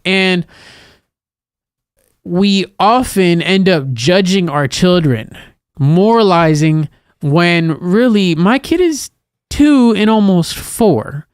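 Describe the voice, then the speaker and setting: A man in his thirties co-hosts a podcast, chatting casually and animatedly about parenting, and at one point acts out scolding a child in a raised voice. His voice sits high and slow with a clean tone, recorded dry with clean studio sound.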